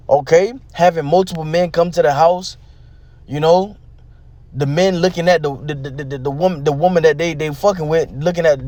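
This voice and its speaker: A man's voice: on the high side, a little mellow, no room sound. A man giving street-preacher style religious commentary, profane, emphatic and repetitive.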